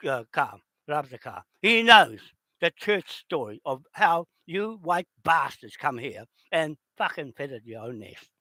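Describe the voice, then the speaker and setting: A man in an unscripted rant, heated and accusatory, swearing and often shouting. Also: on the high side, big pitch swings, a little slow, no echo. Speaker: video host.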